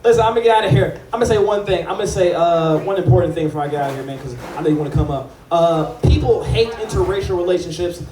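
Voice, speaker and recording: High-voiced man telling a rambling stand-up story. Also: racing, hardly any pauses, warm tone, slight background noise. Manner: rambling, repetitive, confessional. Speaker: stand-up comedian. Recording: echoey room from far off.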